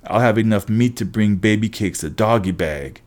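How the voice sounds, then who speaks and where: Man voicing a slow gloating cannibal giant. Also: lowish voice, close to an everyday voice. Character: gloating cannibal giant, male, huge, brutish.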